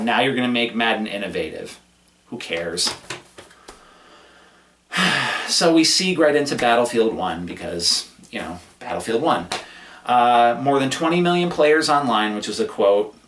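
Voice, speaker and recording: A man's voice: on the low side, fairly bright tone, reverberant, recorded from a distance, slight background noise. A man giving a casual, rambling recap of a gaming event, sarcastic and prone to cursing. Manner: sarcastic, profane, rambling rant. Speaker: gaming commentator.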